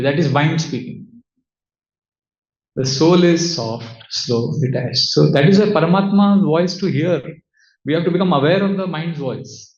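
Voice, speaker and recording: A man teaching as a spiritual speaker, giving a devotional talk with audience questions in a measured way, asking rhetorical questions and answering them himself. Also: a little high, a little mellow. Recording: roomy, slightly dull sound.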